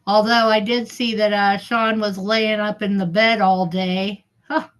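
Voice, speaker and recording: A woman's voice: medium pitch, flat delivery, measured pace, clean tone. A middle-aged woman chatting casually on her livestream, heckling and giggling as she reads viewers' comments. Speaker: livestream host.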